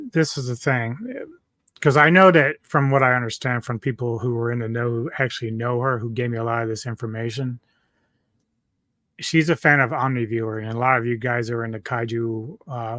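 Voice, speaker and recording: A man's voice: mid-range voice, steady tone, moderate pace, fairly bright tone, dry recording, clean studio sound. A man hosting a reaction video, ranting angrily and cursing often. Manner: profane, angry, ranting. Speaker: commentary YouTuber.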